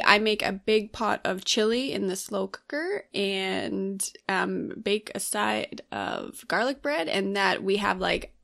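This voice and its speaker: A woman co-hosting a podcast, her voice gravelly with vocal fry. She sounds groggy and tired from the early hour, and her casual chat stays relaxed and easygoing. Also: mid-range voice. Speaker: podcast co-host.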